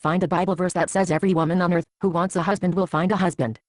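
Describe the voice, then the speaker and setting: A woman's voice: on the low side, steady tone, quick pace, dry recording, lightly acted. A woman acting as a frank churchgoing friend who counsels with blunt, dry teasing in an amateur Bible drama. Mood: matter-of-fact.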